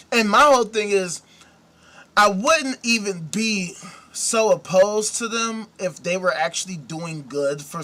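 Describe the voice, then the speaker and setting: A man's voice: sits high, pushed and bright. A man hosting a commentary show, ranting indignantly with profanity and repeated rhetorical questions. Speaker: host. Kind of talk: casual commentary rant.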